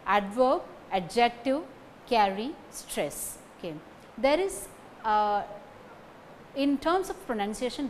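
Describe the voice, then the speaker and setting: A woman with an Indian English accent teaching a recorded lesson. Her voice sits fairly high and she talks very slowly and carefully, with frequent "okay" checks. A faint hiss of noise runs under the recording. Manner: slow, deliberate, punctuated by frequent okays. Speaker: lecturer. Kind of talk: recorded lecture.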